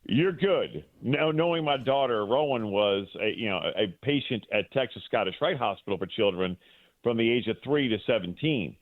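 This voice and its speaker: A middle-aged man calls in as a guest broadcaster and tells a long, heartfelt story. He rambles, restarts and fills gaps with "uh" at a mid pitch. His voice comes through a thin, tinny phone line with a dry sound and no room around it. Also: expressive, normal speed, no room sound. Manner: rambling, full of fillers and restarts.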